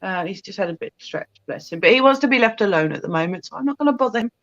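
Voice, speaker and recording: A woman's voice: mid-range voice, very fast, no room sound. Giggly woman on a dull call. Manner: giggly, animated storyteller. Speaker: host. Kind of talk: casual chat over video call. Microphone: video call.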